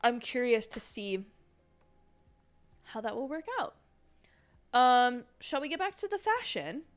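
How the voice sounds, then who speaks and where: A young woman hosting a casual watch-along livestream, chatty and rambling, with quick apologetic asides and a sleepy edge. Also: on the high side, sing-song, faint music behind. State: sleepy, yawning. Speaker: livestream host.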